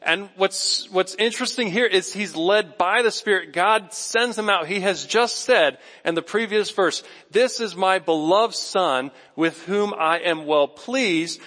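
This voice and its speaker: A man preaches to his congregation in a lively, conversational way. His voice sits a little high for a man and carries a long reverb through a large church hall. At times he turns and speaks straight to people in the pews. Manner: conversational, animated preaching that talks directly to the congregation. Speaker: pastor. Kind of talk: sermon. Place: church sanctuary.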